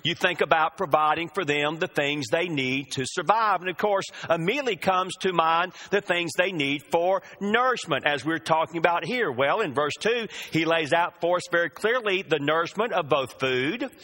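A man's voice: on the high side, moderate pace, few pauses, pushed and bright. A man preaching a sermon, drawing out the scripture quotes with emphasis.

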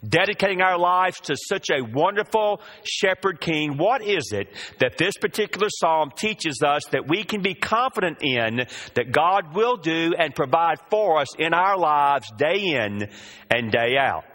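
A man's voice: a little high, expressive, unhurried, pushed and bright. A man preaching a sermon, drawing out the scripture quotes with emphasis.

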